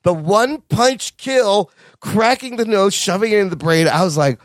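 A man co-hosting a casual movie review podcast, talking excitedly, swearing freely and acting out lines from the film. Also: high-pitched, unhurried, hardly any pauses, no echo, clean studio sound. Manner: excited, swears a lot, acts out quoted lines. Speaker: podcast co-host.

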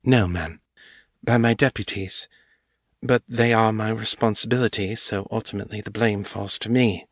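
A man's voice: lowish voice, fairly even intonation, moderate pace, dry recording, clean studio sound, close to an everyday voice. A man reading aloud and voicing a deferential, hesitant woman who has just become a vampire.

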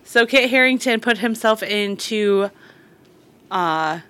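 A woman's voice: mid-range voice, slow, fairly bright tone, smooth. A woman hosting a podcast, chatting casually, laughing often and passing on gossip.

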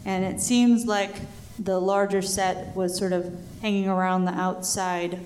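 A woman's voice: mid-range voice, level tone, darkish tone, a little hiss or hum. Woman narrating as game master. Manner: descriptive, unhurried narration with hesitations. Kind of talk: narrating a tabletop game live. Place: convention stage before a live audience.

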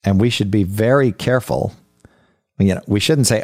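A man with a very deep voice gives a conversational Bible teaching on his podcast. He speaks earnestly and haltingly, often repeating words as he restarts his sentences. The sound is dry, with no room echo.

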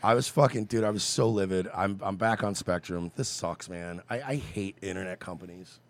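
A man's voice: low voice, normal speed. A man co-hosting a podcast, telling a story with a lot of swearing and acting out the other voices. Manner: profane, ranting, acts out voices in his stories. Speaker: podcast co-host. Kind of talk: casual chat, animated storytelling.

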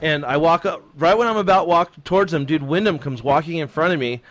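A man appearing as a guest on a casual show, telling stories with animated quoted voices and some swearing. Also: fairly high pitch, brisk. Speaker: studio guest. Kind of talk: casual storytelling.

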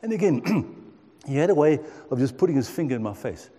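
A man in his sixties gives a heartfelt sermon, recounting his own story and turning to his listeners. His voice sits a bit high but sounds mellow and warm, with a long reverb trailing off each phrase as in a large hall. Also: big pitch swings, a little fast. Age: 60s. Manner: earnest storytelling, addresses the listeners. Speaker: preacher. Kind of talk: sermon testimony.

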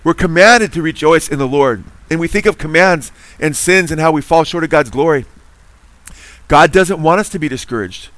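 Male preacher, earnest and emphatic, slightly higher voice, close dry sound. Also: moderate pace, a bit bright, dry recording. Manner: earnest, emphatic, quizzes listeners with Bible trivia. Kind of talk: sermon.

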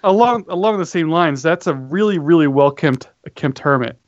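Higher-voiced, playful man. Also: lively intonation, normal speed, dry recording, muffled recording. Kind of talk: casual chat.

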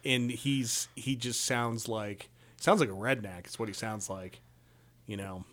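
A man's voice: lowish voice, steady tone, a little slow, fairly bright tone. A man co-hosting a casual chat, blunt and sardonic, steering through a list of topics.

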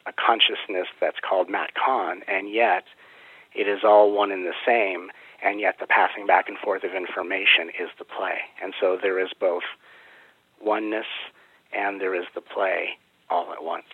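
Husky man on a phone-like line. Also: low-pitched, level tone, moderate pace, no room sound. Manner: earnest, flowing mystical explanations. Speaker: spiritual teacher and guest. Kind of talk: interview answers.

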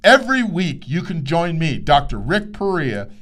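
A man's voice: a little high, very animated, moderate pace, fairly bright tone. Earnest man telling a coaching story. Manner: earnest, emphatic, acts out dialogue in story. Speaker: podcast host, coach educator. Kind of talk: motivational storytelling monologue.

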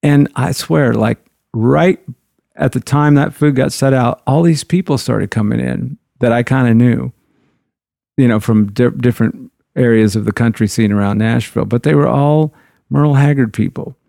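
A man's voice: medium pitch, moderate pace, vocal fry, warm tone, no room sound, clean studio sound. A man, a guitarist, telling rambling stories from the road in a loose, conversational way. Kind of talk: anecdotal storytelling.

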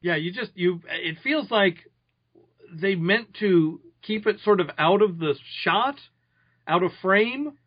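A man co-hosting a casual movie chat, relaxed and chiming in with short remarks. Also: high voice, slow pace, slightly rough, dull audio. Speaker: podcast co-host.

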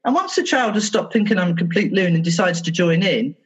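Animated husky-voiced woman therapist. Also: fairly low pitch, a little fast, rough recording. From England. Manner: animated storyteller, acts out exchanges with children. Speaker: therapist guest. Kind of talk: podcast interview.

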